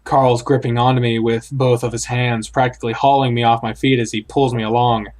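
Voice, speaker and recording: A man's voice: medium pitch, flat delivery, fairly quick, darkish tone. A man reading a horror visual novel aloud in the first person, acting it out and blurting out startled reactions. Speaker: let's play host.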